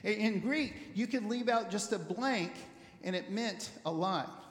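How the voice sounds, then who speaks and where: Man, high voice, pastor, animated conversational sermon, stumbles and repeats words, echoey church hall with long reverb. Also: a little slow. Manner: animated storyteller, repeats words while thinking.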